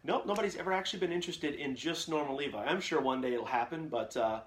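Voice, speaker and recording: A man's voice: fairly high pitch, quick pace, a bit bright. A man hosting a live Q&A, giving casual advice in a plain, everyday voice that he calls nerdy. He rambles candidly and often restarts his sentences.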